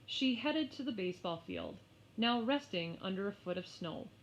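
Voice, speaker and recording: A woman narrating a children's story aloud in an expressive, unhurried way. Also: mid-range voice. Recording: slightly muffled lo-fi.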